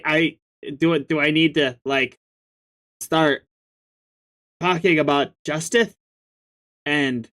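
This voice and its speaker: A man's voice: fairly high pitch, fairly bright tone. A man reading a webcomic aloud and reacting in a chatty, jokey way, often laughing. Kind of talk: casual reading and reaction commentary.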